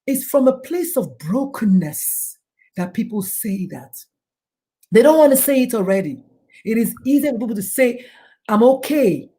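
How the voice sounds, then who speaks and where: A middle-aged woman with a fairly high voice speaks as a guest in a talk show interview. Her delivery is emphatic and preachy, and she swings her pitch widely as she acts out the people she quotes. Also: sing-song, normal speed, warm tone. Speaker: guest, doctor and suicide prevention speaker.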